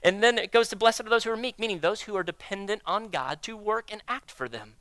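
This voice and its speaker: A man's voice sits high as he preaches, free of echo. The pastor acts out prayers and talks inwardly with God, alternating loud, emphatic lines with quiet, slow ones.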